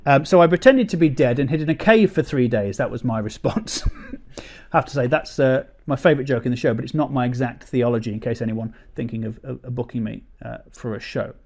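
A man doing stand-up comedy, telling a story in an animated, sarcastic, ranting way. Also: mid-range voice, brisk, creaky.

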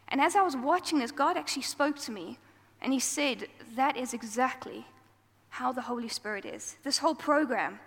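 High-voiced woman giving a casual church talk. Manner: chatty and self-deprecating, acts out quoted lines. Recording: long hall reverb.

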